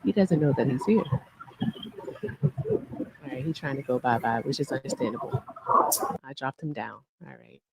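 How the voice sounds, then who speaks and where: A woman's voice: rumbling low, animated, normal speed, gravelly, long pauses, background noise. Brash, chatty woman streamer. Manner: brash, chatty, curses freely, hums and sings filler. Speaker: livestream host. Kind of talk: casual livestream chat.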